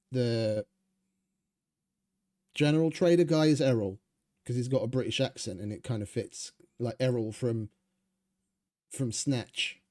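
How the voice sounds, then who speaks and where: A man rambles through his gameplay in a relaxed, mellow voice, chatting casually and swearing freely. His pitch sits in an ordinary middle range as he muses aloud. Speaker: gaming streamer.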